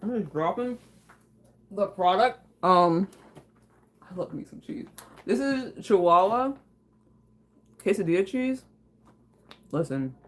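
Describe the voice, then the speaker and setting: Livestreaming from her kitchen at home, this host reads out viewer comments and chats in a profane, laughing, filler-heavy way. She speaks slowly in an animated, medium-pitched voice with long pauses.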